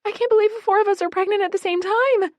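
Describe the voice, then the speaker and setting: A woman's voice: very high-pitched, fast, no echo, voice pushed up. A woman doing a tearful, emotional young sister.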